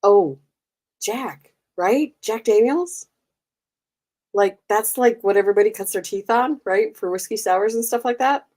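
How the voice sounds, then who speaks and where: A woman's voice: medium pitch, measured pace, dark tone. An American woman hosting a live stream, chatting casually with viewers, giggling and teasing them. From United States. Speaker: livestream host.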